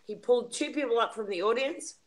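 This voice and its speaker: A woman's voice: on the high side, brisk, a little hiss or hum, rough recording. A woman hosting a casual panel chat, talking in an emotional, indignant rant. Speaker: livestream panel host.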